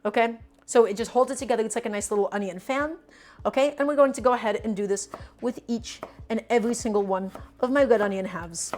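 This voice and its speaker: A woman's voice: on the high side, quick pace, a little mellow, faint music behind. A woman hosting a live cooking stream from a home kitchen, chatting with viewers and coaching them through prep in an easy, talkative way. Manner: chatty and coaching, addresses the audience as "guys" and repeats "go ahead".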